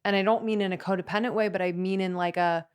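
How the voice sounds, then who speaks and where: A woman's voice: mid-range voice, fairly even intonation, quick pace, clear, resonant tone. A young adult woman co-hosting a podcast, talking earnestly with lots of filler words. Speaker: podcast co-host. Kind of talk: casual chat.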